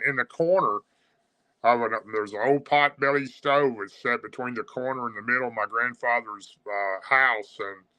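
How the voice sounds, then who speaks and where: Man, very bright sharp tone, casual storytelling, rambling with uh's and restarts, guest on a talk show. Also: mid-range voice, clean tone, poor audio. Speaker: guest recounting encounters.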